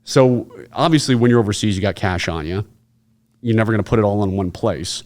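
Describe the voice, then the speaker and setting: A man with a voice on the lower side tells stories in a relaxed interview. He is a former intelligence officer, and he slips into little impressions of the people he describes. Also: fairly quick. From United States. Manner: lively storyteller who acts out the people in his anecdotes. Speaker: podcast guest, former intelligence officer and instructor. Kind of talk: casual interview storytelling.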